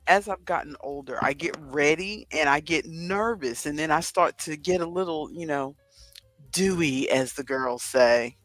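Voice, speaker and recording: Wearing a headset with headphones, a fifty-something livestream host chats to viewers while puzzling through a crossword aloud. He speaks unhurriedly in a fairly high, fairly bright voice. There's no room sound, just soft background music.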